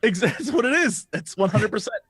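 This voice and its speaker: High-voiced excitable man, dry sound. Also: fairly quick, slightly rough, no echo. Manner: excitable, profane, acts out dialogue. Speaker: podcast guest. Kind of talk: casual chat about games.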